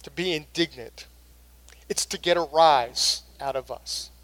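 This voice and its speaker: A man's voice: a little high, measured pace, a bit bright. A middle-aged male pastor preaching a sermon in an earnest, conversational way.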